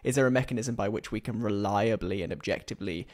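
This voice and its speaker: A man's voice: lowish voice, fast, darkish tone. A man hosting an interview, asking long, probing questions that he builds up clause by clause. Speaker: podcast host.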